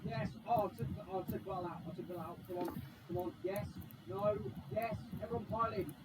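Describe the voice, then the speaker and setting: A man giving excitable live commentary over a racing game he is playing. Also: high-pitched, a little fast. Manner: excitable, exclaiming at the action. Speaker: gaming commentator. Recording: distant mic under loud game noise. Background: loud racing game engine sounds.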